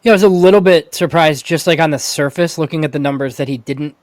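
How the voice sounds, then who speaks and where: A man's voice: on the high side, quick pace, no room sound. A man co-hosting a podcast in casual chat, loose and conversational, with fillers. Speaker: podcast co-host.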